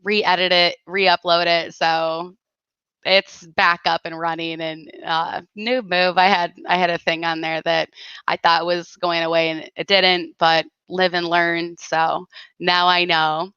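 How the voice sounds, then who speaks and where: A woman's voice: lowish voice, measured pace, clean tone, dry recording. Woman, livestream host, casual chat, dry close sound, slightly dull audio. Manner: relaxed, chats back to viewers' comments.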